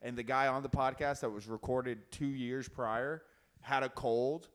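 A man's voice: medium pitch, fairly even intonation, a little slow, a bit bright. A young man co-hosting a casual chat, joking and swearing, laughing often. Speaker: podcast co-host.

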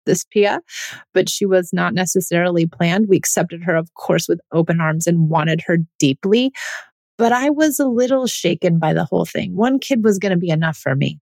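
A woman's voice: fairly low pitch, moderate pace, a little mellow, dry recording. A woman in her thirties, a mother, speaking candidly and reflectively in a personal monologue. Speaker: mother telling her parenting story.

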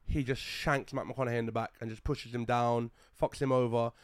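A man's voice: medium pitch, a little fast, clear, resonant tone, dry recording, studio quality. A young man, telling a film story in casual podcast chat, acting out the quotes and swearing freely. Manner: animated storyteller, acts out quotes loudly, swears, laughs often. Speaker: podcast host.

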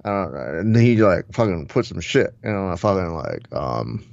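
A man's voice: sits low, very animated, normal speed, vocal fry, darkish tone, dry recording, highs cut off, full character voice. A man doing a swearing stoner fighter bro. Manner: slurred slang, swears constantly, calls everyone dog. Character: foul-mouthed laid-back male fighter, slangy stoner bro.

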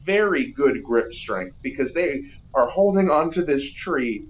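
A man's voice: fairly high pitch, lively intonation, a little slow, lo-fi sound, a little hiss or hum. A man co-hosting a podcast, joking his way through a casual movie review and retelling scenes in silly voices. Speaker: podcast co-host.

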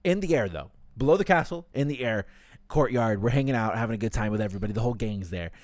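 A man co-hosting a casual podcast, recapping a story with animated, swearing asides and quick character voices. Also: fairly low pitch, no echo. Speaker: podcast co-host.

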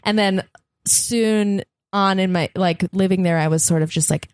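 A woman guest on a podcast telling a story in a casual way. She is animated, laughs often, swears freely and acts out the voices of the people in her story. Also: fairly low pitch, brisk, no echo, clean studio sound.

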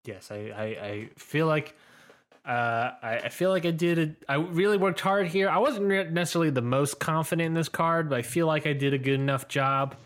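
A man's voice: a little high, moderate pace, fairly bright tone. A man co-hosting a casual podcast, rambling and teasing with plenty of restarts. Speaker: podcast co-host. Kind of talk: casual chat.

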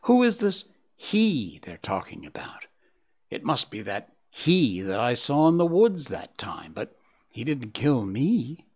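A man's voice: mid-range voice, huge pitch swings, slow, husky, exaggerated voice. A man voicing a young, bewildered male fawn's inner thoughts in a whispered role-play. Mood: puzzled. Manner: whispering, puzzled.

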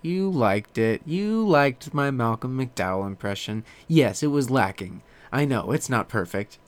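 A man hosting his own podcast alone at his desk, talking in a loose, rambling way. His delivery is slow and unhurried, with a smooth, clear voice. He swears casually and pokes fun at himself. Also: mid-range voice, lively intonation. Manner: rambling and self-deprecating, with frequent swearing. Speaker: podcast host. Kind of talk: casual solo podcast monologue.

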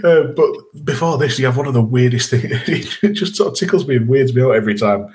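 A man's voice: mid-range voice, lively intonation, a little fast, darkish tone, a little hiss or hum. A man co-hosting a podcast, chatting casually about an episode and laughing often. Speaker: podcast co-host. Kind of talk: casual chat reviewing an episode.

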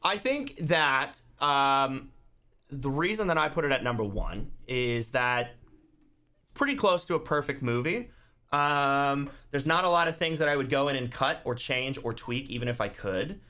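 A man's voice: mid-range voice, animated, a little slow, sharp tone. A man guest on a podcast, talking casually and acting out movie scenes in quoted voices. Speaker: podcast guest, YouTuber and author. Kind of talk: casual chat.

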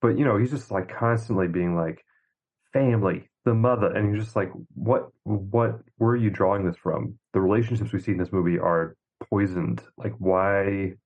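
Low-voiced man in casual podcast chat. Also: fairly even intonation, moderate pace, hardly any pauses, a little mellow. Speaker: podcast co-host. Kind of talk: casual film discussion.

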